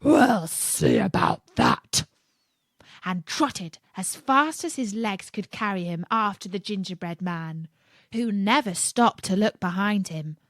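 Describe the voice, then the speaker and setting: Slow, expressive woman reading a storybook. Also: medium pitch, no echo, clean studio sound. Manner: expressive, gentle, measured.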